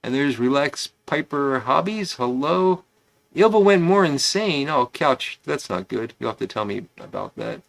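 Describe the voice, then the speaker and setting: A man's voice: medium pitch, big pitch swings, measured pace, creaky. A man hosting a casual pipe-smoking livestream, rambling and chatty as he greets viewers by name.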